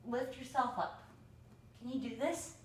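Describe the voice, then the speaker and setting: A woman leads a yoga tutorial in an encouraging, step-by-step way. She sits back from the mic, so her voice comes across a bit distant. The room adds a clear echo around it. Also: a little high, a little slow, a little hiss or hum. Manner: encouraging, talks the viewer step by step through a pose. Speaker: yoga instructor.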